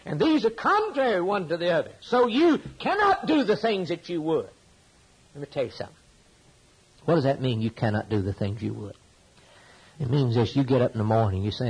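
A man delivers an impassioned sermon. His voice is husky, and his pitch swoops widely as he stacks up repeated lines, then drops low for quiet points. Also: big pitch swings, brisk, low-quality recording. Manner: impassioned, preaching with rising and falling emphasis and repetition. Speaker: preacher.

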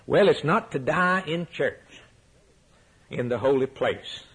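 A male preacher delivering a sermon with rhetorical repetition, rising to soaring emphatic peaks and dropping to hushed low lines. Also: lively intonation, takes it slowly, breathy edge, low-quality recording.

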